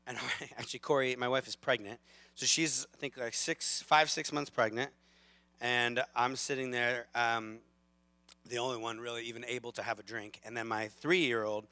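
A man in his thirties preaching a sermon as a lively, self-deprecating storyteller, with big swings in loudness. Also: medium pitch, clean tone, no echo. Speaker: pastor.

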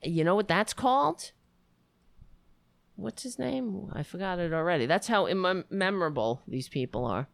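A woman giving casual political commentary, sarcastic and mocking, now and then putting on high voices to mimic others. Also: animated, moderate pace, creaky, dry recording.

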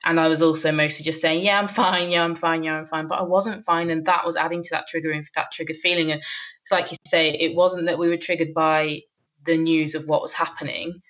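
A young woman in a casual conversation, her voice sitting a little low and reaching us through a muffled, lo-fi recording. She talks haltingly, with many pauses, filler sounds and small nervous laughs. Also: little pitch movement, a bit bright. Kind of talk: casual chat.

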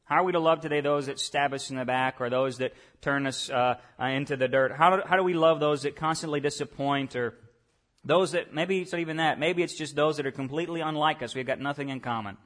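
A pastor preaching a sermon to a church congregation, asking them direct questions and moving between quiet asides and loud emphatic points. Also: male voice, fairly high pitch, fast.

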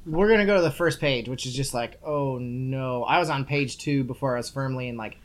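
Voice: mid-range voice, fast. A young adult podcast co-host talking casually and sarcastically while reviewing a book, rambling and swearing freely. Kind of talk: casual chat.

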